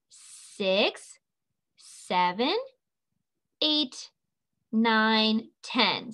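A woman teaching an online preschool lesson, talking to young children in a slow, sing-song way and stretching out each word. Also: mid-range voice, fairly bright tone.

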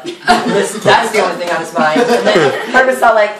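A man at a cast party telling a play's story to friends, giggling and quoting lines in quick bursts. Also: sits high, a loud crowd. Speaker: cast member retelling a play. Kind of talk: comic retelling to friends. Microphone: camera or phone held away. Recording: distant echoey room with loud noise.

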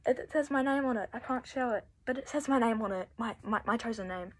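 A teenage girl from Australia unboxing a mask, gushing and breathless, shaky with excitement and swearing often. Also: on the high side, fast talker, rough recording. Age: teens.

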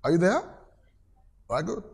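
A man's voice: high voice, big pitch swings, slow, creaky, slightly rough. Preaching man with a raised voice. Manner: preaches with call-and-response, reads scripture aloud. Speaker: pastor. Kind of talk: sermon. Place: church.

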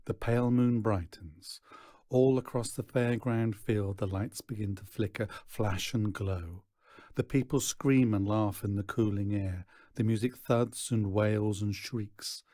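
Male teacher, storybook reading, low and mellow, slow and deliberate, dry recording. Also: fairly even intonation, no echo. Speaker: teacher reading a novel aloud.

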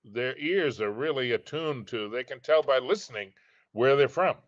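An older American man, a guest in a casual chat, talking in an unhurried, halting way with many restarts. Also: medium pitch, lively intonation, no echo, dull audio.

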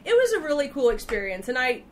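A woman's voice: sits high, big pitch swings, quick pace, noisy background. A woman from Texas, a podcast guest chatting casually and telling playful stories with frequent laughter. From Texas, USA. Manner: laughs often, playful storytelling. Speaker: podcast guest, freelance writer. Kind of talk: casual conversation.

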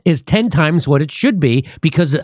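A man's voice: a little high, animated, moderate pace, darkish tone, no echo, studio quality. A man hosting a casual political commentary show, sarcastic and riffing with his co-host.

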